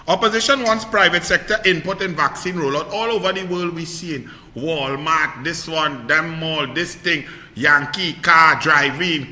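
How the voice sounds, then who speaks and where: A man's voice: a little high, normal speed, pushed and bright. A man with a Trinidadian accent giving heated political commentary in a fiery, ranting, sarcastic way. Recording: echoey hall with long reverb.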